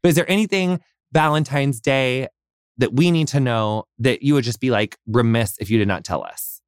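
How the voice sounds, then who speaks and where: A man's voice: mid-range voice, moderate pace, smooth, no echo, clean studio sound. Gushing American man hosting a podcast. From United States. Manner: effusive, gushing, heavy filler "like", casual swearing. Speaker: podcast host. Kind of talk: casual interview chat.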